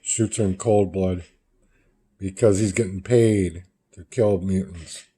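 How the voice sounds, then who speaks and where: A man's voice: sits low, fairly even intonation, slow, dark tone, slightly rough. A man casually retelling the panels of a comic book in a loose, rambling way, as a reviewer.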